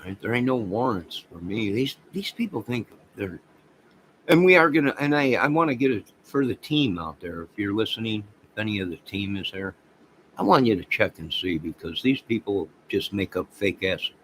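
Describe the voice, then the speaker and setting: A man's voice: on the low side, expressive, normal speed, a little hiss or hum, poor audio. A man hosting a casual livestream, rambling and talking straight to his viewers. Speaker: livestream host.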